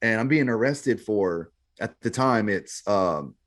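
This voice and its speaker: A man's voice: lowish voice, expressive, takes it slowly, a bit bright. A man guest on a podcast, telling his story in a laid-back, slangy way, often saying "man" and "bro". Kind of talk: casual storytelling.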